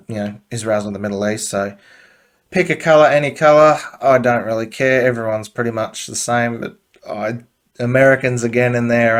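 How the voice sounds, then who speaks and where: A man with an Australian accent hosting a casual podcast, giving blunt, swear-laden opinions with plenty of fillers. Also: medium pitch. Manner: blunt, profane, offhand commentary with frequent fillers. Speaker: podcast host.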